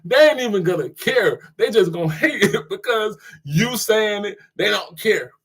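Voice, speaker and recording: High-voiced man chatting with his viewers. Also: lively intonation, normal speed, slightly rough. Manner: laid-back slang, laughs often, addresses chatters. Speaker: streamer reading live chat. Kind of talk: casual live-stream commentary.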